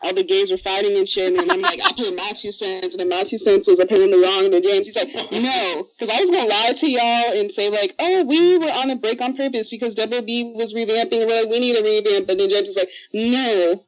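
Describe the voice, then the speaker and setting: A podcast co-host in casual chat, telling a story in a lively, profane way and quickly mimicking other people. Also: medium pitch, rough recording.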